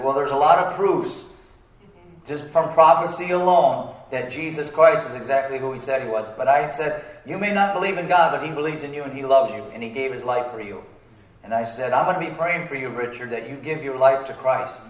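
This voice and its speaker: A man's voice: mid-range voice, a little fast. A man preaching a sermon as pastor, talking in plain colloquial speech and asking the congregation for amens. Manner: call-and-response, asking for amens. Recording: roomy sound, distant from the mic.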